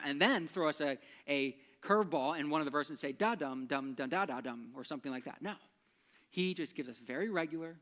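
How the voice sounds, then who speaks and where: A man's voice: a little high, fairly bright tone. A man, a church pastor, giving a chatty teaching talk on a hymn's words and rhythm, tapping out beats aloud.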